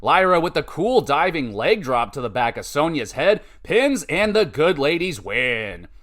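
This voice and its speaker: Man, podcast host, casual wrestling recap, chatty asides, a bit high-pitched. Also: sing-song, measured pace, a bit bright. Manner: chatty, recaps matches and gives scores with offhand asides.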